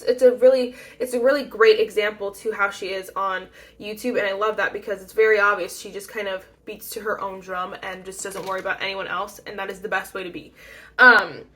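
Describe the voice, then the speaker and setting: Young woman doing a makeup tutorial, chatty and rambly, lots of ums, middle-pitched voice. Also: pushed and bright. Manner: chatty, rambling, self-deprecating with frequent ums and laughs. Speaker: beauty YouTuber. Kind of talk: casual makeup tutorial chat.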